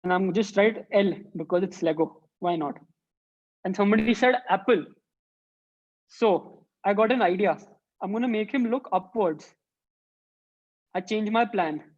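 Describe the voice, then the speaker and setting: A woman's voice: medium pitch, a little slow, long pauses, darkish tone, dull audio. A woman who teaches an online drawing workshop for children and thinks aloud as she sketches. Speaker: art teacher.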